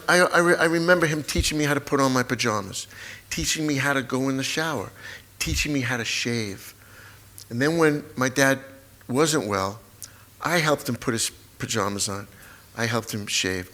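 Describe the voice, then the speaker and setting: Older man, lively storyteller, acts out family scenes, stage talk, mid pitch. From United States. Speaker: guest author. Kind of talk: live conversation on stage. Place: auditorium stage before an audience.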